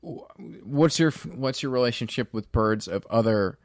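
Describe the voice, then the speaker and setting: A man's voice: mid-range voice, normal speed, no echo, clean studio sound. A man interviewing a bird character in an improvised comedy bit, asking earnest questions with hesitant restarts.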